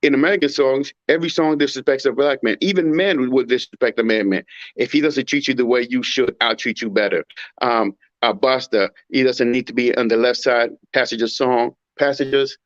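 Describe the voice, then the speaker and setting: A man's voice: mid-range voice, dry recording. A man in casual talk giving emphatic, rhetorical opinions and mimicking others in a raised voice. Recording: dull muffled audio.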